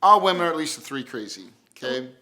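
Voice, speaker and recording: Bright-voiced joking husband teaching. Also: male voice, fairly high pitch, expressive, quick pace. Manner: playful, joking, easygoing. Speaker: co-host of a marriage course. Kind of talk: casual teaching chat.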